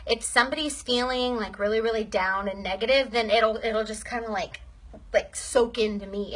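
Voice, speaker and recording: A woman's voice: a little high, moderate pace, fairly bright tone. A young woman giving a casual training talk to her sales team, upbeat and chatty, often checking in with "okay?".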